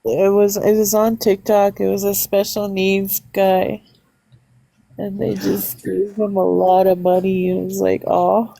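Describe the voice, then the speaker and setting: Woman guest on a stream, dark gravelly voice, joking around. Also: mid-range voice, little pitch movement, unhurried, dry recording, poor audio. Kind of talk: casual chat.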